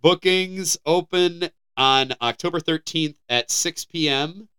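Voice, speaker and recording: Young American podcast co-host, bright and crisp voice, jokey headline reader. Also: male voice, fairly high pitch, slow. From United States. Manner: joking, stumbles over words while reading. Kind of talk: casual podcast chat, reading headlines.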